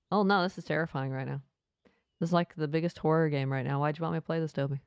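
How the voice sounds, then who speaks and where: A woman's voice: low voice, fairly even intonation, quick pace, smooth, no echo. A woman streaming a game live, playfully reading the game's text aloud with asides.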